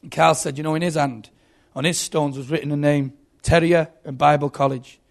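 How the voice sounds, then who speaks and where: A man's voice: a little high, a little fast, vocal fry. A man preaching a sermon, telling stories with dramatic buildups. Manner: animated storytelling, dramatic buildups.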